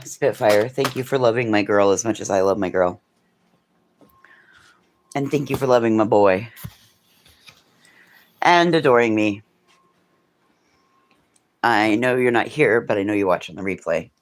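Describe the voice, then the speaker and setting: A woman's voice: rumbling low, measured pace, pauses often. A woman hosting a casual livestream, chatting and swearing freely and thanking her viewers by name. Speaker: livestream host. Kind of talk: casual chat.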